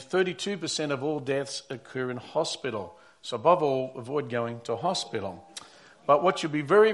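A man preaching a Sunday sermon in a conversational way, swinging between loud emphatic lines and quiet asides. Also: mid-range voice. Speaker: pastor.

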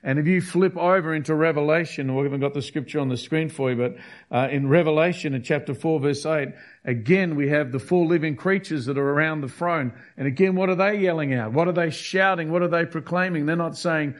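A man's voice: on the high side, brisk. A man preaching a sermon, emphatic and repetitive, hammering key phrases. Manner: emphatic, repeats key phrases, acts out quotes.

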